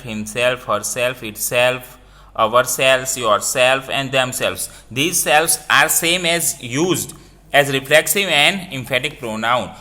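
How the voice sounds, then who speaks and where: A man's voice: mid-range voice, sharp tone. A man with an Indian English accent teaching a grammar lesson, repeating points and quizzing listeners with "what?".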